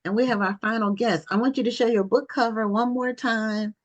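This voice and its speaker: A woman's voice: on the high side, steady tone. A woman hosting an online book talk show, conversational and affirming with her guests. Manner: conversational, affirming, with quick asides.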